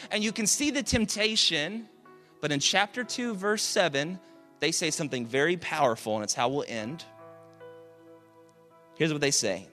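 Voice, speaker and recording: Male pastor, sermon delivery, fairly high and bright tone, swings between loud emphasis and hushed lines, faint music bed. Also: sing-song, moderate pace, pauses often. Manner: builds to loud emphatic peaks, then drops low and quiet. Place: church auditorium with live audience.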